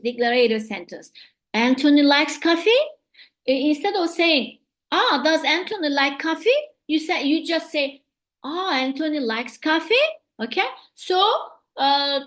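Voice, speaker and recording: A woman with a Turkish accent teaching an English grammar lesson, pausing often with fillers and slipping into Turkish. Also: sits high. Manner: hesitant, many fillers, switches between English and Turkish. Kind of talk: recorded online lesson.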